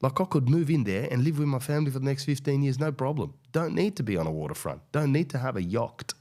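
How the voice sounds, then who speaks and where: A man's voice: medium pitch, animated, fast talker, dark tone. A man, a comedian hosting a podcast, talking in a casual rambling monologue full of fillers, restarts and swearing. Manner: hesitant, many fillers and restarts, profane.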